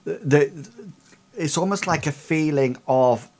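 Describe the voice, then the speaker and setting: A man's voice: a little high, slow, a little mellow. A man narrating a tabletop game as its game master, hedging his descriptions as he goes. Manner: hesitant, lots of fillers and restarts.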